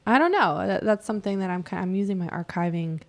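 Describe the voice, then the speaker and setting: A woman artist in a relaxed interview, thinking aloud as she talks. Her pitch sits in a typical middle range. She drifts between ideas, often pausing on fillers and restarting her sentences. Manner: reflective, rambling, many fillers. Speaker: artist guest. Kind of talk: casual interview chat.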